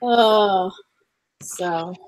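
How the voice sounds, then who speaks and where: A woman hosting a casual group video chat, chatty and quick to agree. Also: medium pitch, no echo. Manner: chatty, frequent agreeing "yep". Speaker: crafting channel host.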